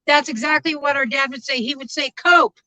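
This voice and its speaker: A woman's voice: sits high, fairly even intonation, fast, bright, forceful tone, no echo, rough recording. A woman rambling in casual live-stream chat from inside her car, greeting viewers by name.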